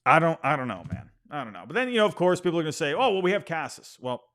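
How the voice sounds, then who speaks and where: Animated man ranting about sports. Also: a little high, very fast. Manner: animated, exasperated, repeats himself, apologizes for ranting. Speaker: sports podcast host. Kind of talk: casual opinion rant.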